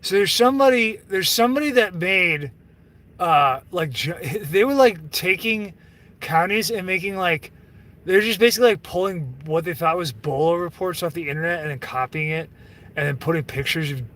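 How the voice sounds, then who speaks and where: A man's voice: sits high, expressive, moderate pace, a bit bright, distant mic. A man talking to his chat on a livestream, rambling and profane, full of fillers and restarts. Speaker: livestream host reading chat. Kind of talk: casual livestream rant.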